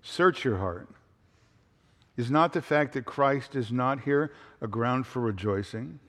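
A man's voice: mid-range voice, lively intonation, slow pace, fairly bright tone. Man preaching in a reverberant church. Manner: conversational, with frequent fillers and restarts. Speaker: pastor. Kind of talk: expository sermon. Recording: hall reverb.

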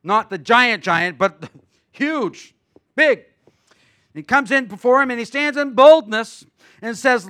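A middle-aged male pastor with a high, bright voice preaches a sermon. He tells folksy stories and swings from loud, ringing preaching to quiet, chatty asides. His tone stays light and sharp throughout. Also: normal speed. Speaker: guest pastor.

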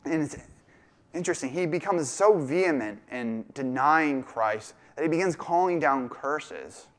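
A man's voice: fairly high pitch, lively intonation, a little slow. Conversational man preaching a sermon. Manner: conversational, acts out quoted voices and jokes. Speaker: pastor.

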